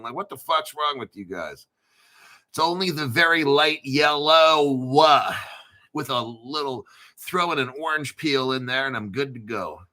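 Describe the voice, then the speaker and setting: A man's voice: on the high side, sharp tone. A middle-aged man hosting a livestream, chatting casually and rambling with profanity and frequent laughter. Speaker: livestream host.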